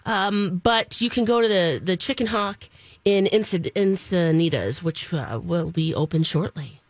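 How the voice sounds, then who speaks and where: A woman's voice: fairly low pitch, unhurried, no room sound. A woman co-hosting a radio show, giving entertainment news in an upbeat, chatty way. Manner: chatty, upbeat, frequent laughs. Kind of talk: casual radio show banter.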